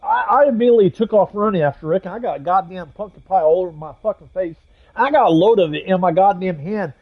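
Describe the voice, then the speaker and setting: While gaming on stream, an army veteran recounts a story from his service in a rambling, cursing style, stumbling through fillers and restarts. His voice is high, and the sound is lo-fi.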